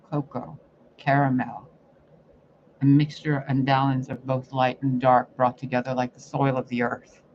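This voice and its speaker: A man delivering a profane, confrontational spiritual rant as a psychic reader. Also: mid-range voice. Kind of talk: ranting spiritual monologue. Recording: muffled lo-fi recording, faint noise.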